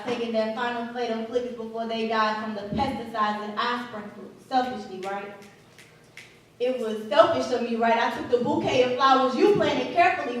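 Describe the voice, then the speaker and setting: A woman performing spoken word poetry at an open mic, with a slow, rhythmic delivery and softly dropped line endings. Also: high-pitched. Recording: echoey room, far from the mic.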